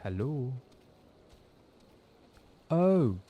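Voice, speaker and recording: A man's voice: medium pitch, very animated, drawn-out words, phone-quality sound. A man, an actor streaming a game, chatting casually and thinking aloud with hesitations. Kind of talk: casual gaming commentary.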